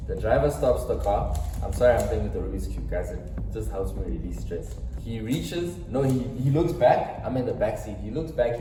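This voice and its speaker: A man's voice: on the low side, far from the mic. A young South African man telling a dramatic storytime vlog, acting out quotes and tossing slangy asides to viewers. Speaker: storytime vlogger. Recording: roomy echo, off-mic, faint music.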